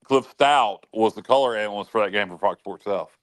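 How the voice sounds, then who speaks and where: A man's voice: lowish voice, fairly quick, a bit bright, no echo. A man hosting a casual sports talk show, rambling with stammering restarts.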